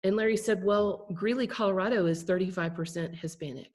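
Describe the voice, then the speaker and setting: A woman's voice: medium pitch, fairly quick, a little mellow. A woman presenting a class over a video call, telling a story conversationally and checking in with her listeners. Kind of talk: storytelling lesson.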